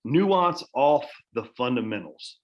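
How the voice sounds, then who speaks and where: A man's voice: medium pitch, sing-song, takes it slowly, highs cut off. A man chatting casually as a podcast guest, rambling with many restarts and swearing freely. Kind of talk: casual chat.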